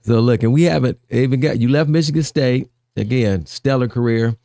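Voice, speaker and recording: A male host with a gravelly, mellow voice, recorded close and dry. He keeps the interview relaxed and conversational, nudging his guest along with easy questions. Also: medium pitch, normal speed, dry recording. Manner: conversational, affirming, asks easygoing questions. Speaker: talk show host. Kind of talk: casual interview.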